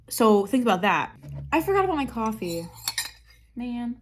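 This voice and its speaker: A woman's voice: fairly high pitch, very animated, normal speed, a little hiss or hum. A woman chatting casually through her makeup routine, rambling and sarcastic, swearing freely. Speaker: makeup vlogger. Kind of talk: casual get-ready-with-me chat.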